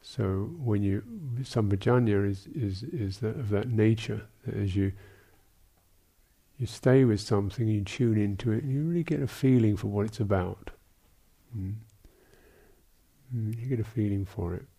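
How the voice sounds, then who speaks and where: A man, a Buddhist monk teacher, answering questions in a dharma talk, speaking in a halting, thoughtful way with many restarts and small asides. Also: on the low side, gravelly, warm tone, husky.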